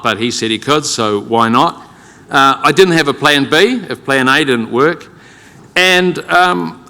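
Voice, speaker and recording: A man's voice: mid-range voice, sharp tone. Wry New Zealand man in echoing hall. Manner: self-deprecating, wry, conversational with fillers. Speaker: keynote speaker. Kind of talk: humorous personal storytelling. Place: large conference hall with audience. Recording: long hall reverb.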